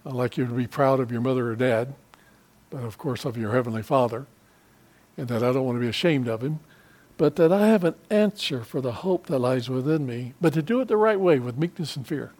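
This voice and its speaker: A man's voice: mid-range voice, animated, brisk, a little mellow. A middle-aged male pastor preaching a sermon in an earnest, conversational way, breaking into short prayers.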